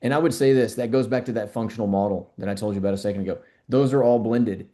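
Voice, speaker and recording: A middle-aged man, a functional medicine doctor appearing as a guest, speaks in a fairly low, warm voice and talks fast. In this conversational interview he sounds earnest, repeating words as he works through his thoughts.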